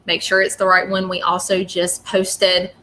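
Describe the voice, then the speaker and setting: Woman on a phone live stream, shaky and emotional, keeps apologizing, rambly, bright sharp voice. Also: lowish voice, monotone, normal speed, slight background noise. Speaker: psychic reader on a live stream. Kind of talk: casual live-stream talk.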